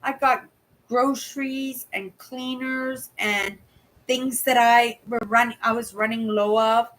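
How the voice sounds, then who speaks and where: On a rough recording, a woman in her 60s from Canada speaks slowly in a fairly high, steady, slightly bright voice. As a channel host in a casual live chat, she tells stories with a running "right?" and performs the voices of the people she quotes.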